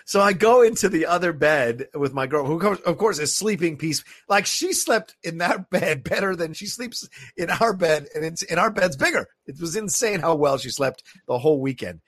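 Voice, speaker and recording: Young man, podcast co-host, lively swinging pitch, bright voice, swears freely, dry close sound. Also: normal speed, husky, no echo. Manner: animated, profane, acts out voices in his story. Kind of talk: casual storytelling chat.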